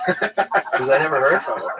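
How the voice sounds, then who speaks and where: A man's voice: medium pitch, very animated, a little slow, heavy background noise. A man, a stand-up comedian and host, telling stories in a loose, casual chat, full of fillers and the odd swear. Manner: rambling, filler-heavy, swears freely.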